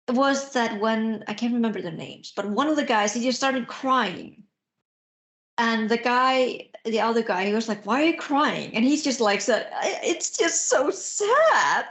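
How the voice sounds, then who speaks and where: A young woman from Iceland chatting casually as podcast co-host, excitable and quick to laugh, swearing and restarting often. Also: fairly high pitch, reverberant. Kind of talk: casual chat.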